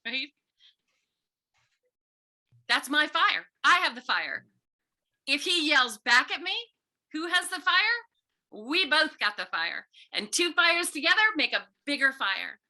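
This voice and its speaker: Speaking high and very animated, this middle-aged author talks a little slowly, her voice pushed and bright. She is visiting students and giving them an earnest storytelling talk, sometimes performing the quoted voices herself.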